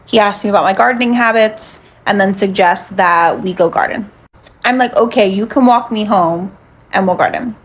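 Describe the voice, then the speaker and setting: A young woman casually recounting a date in a sardonic, deadpan way, full of fillers. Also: mid-range voice, moderate pace, husky. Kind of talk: casual storytelling to camera.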